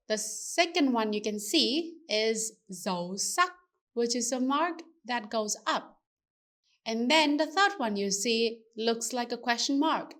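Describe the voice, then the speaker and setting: Slow, bright-voiced teacher. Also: female voice, on the high side. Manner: careful, explanatory, asks rhetorical questions. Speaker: language teacher. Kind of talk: scripted language lesson.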